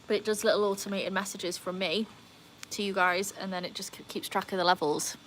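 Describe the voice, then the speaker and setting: Outdoors by a home pool, a woman runs a casual livestream, chatting through viewer comments and cheering with squeals. Her medium-pitched voice is steady, brisk, and fairly bright over slight background noise.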